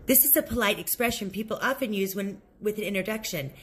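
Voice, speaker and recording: A woman teaching an English lesson, modeling set phrases slowly and clearly for learners to repeat. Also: medium pitch, slight background noise. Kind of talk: recorded language lesson.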